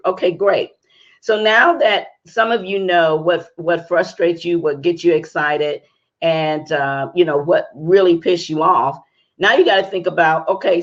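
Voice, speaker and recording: A woman's voice: fairly low pitch, highs cut off. A woman hosting a live-stream talk show, chatty and upbeat, greeting viewers by name, her voice strained by a cold. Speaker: talk show host and interview coach.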